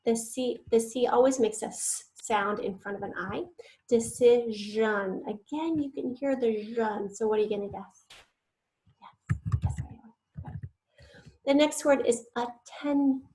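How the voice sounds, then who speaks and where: A woman's voice: a little high, moderate pace, mellow, low-quality recording. A woman teacher giving an online spelling lesson, patiently sounding out words syllable by syllable and sometimes whispering the letters.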